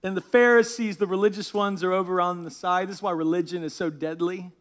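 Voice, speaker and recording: A man's voice: sits high, steady tone, fairly quick, fairly bright tone. A man serving as lead pastor, praying and then preaching a sermon in church with an emphatic delivery that builds as he goes. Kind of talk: sermon with opening prayer.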